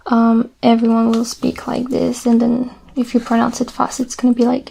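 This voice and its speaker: Slow, soft-spoken woman in whispered role-play. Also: fairly high pitch, steady tone, gravelly, slight background noise, low-quality recording. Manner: soft-spoken, patient, repeats phrases slowly. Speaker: French teacher in role-play.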